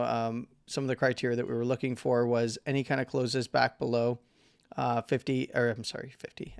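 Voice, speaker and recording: Gravelly man losing his voice. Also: medium pitch, no echo, studio quality. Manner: rambling, self-correcting, filler-heavy. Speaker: crypto market analyst host. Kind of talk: casual chart analysis talk.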